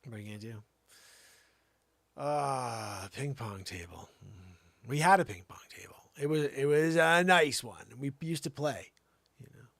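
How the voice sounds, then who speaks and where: Gravelly man telling comic tall tales. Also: mid-range voice, lively intonation, a little slow, pauses often, a bit bright, dry recording. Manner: tall-tale storytelling with theatrical voice jumps. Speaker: comedy show host. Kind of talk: rambling comic monologue.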